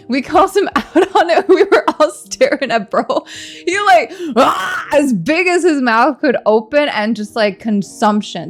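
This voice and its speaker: A woman streamer chatting casually with her viewers, animated and teasing, laughing often, while she eats. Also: fairly high pitch. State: hungry, eating during stream. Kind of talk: casual live-stream chat.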